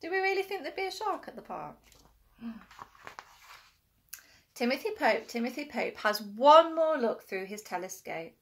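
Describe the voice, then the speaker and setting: Animated woman reading a kids' story. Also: a little high, normal speed, pauses often. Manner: animated, with frequent gasps and questions to the children. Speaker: infant school teacher. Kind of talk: reading a picture book aloud to young children.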